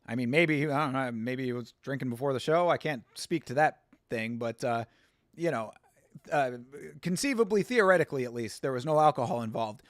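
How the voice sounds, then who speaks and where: A man's voice: mid-range voice, a little fast, no room sound. Chatty man hosting a stream, dry sound. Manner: chatty, rambling, with restarts and laughs. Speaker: host reading chat on a fight watch-along stream. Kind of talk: casual chat and storytelling.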